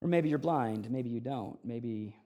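A man preaching a sermon, his voice swelling loud on key phrases and dropping soft between them. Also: mid-range voice, a little slow. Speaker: pastor.

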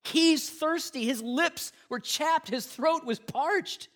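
Male pastor, high voice, preaching with intense swings from loud emphasis to hushed lows, slangy asides. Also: takes it slowly. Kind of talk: Good Friday sermon.

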